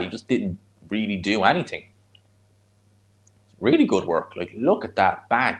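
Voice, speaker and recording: A man with a Dublin Irish accent giving casual live commentary on a fight and chatting with viewers in a blunt, rambling way. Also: lowish voice. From Ireland. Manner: chatty, blunt, answers chat between fight reactions. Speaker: streamer hosting a live watch-along.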